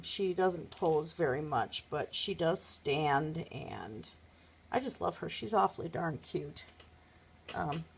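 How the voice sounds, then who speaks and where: A woman chatting casually at home, showing her craft pieces to a phone camera, rambling with many fillers. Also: lowish voice. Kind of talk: casual show-and-tell chat.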